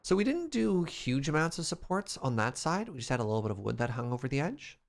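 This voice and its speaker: A man's voice: mid-range voice, very animated, fast talker, gravelly. A man casually commenting as he streams a building game, chatty and playful, talking to his chat.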